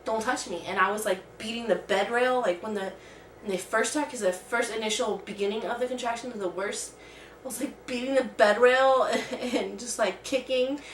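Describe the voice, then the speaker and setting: A woman's voice: a little high, moderate pace, slight background noise. Rambling woman on a distant mic. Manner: rambling, heavy use of "like". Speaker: vlogger. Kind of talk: casual personal storytelling. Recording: roomy sound from a distant mic.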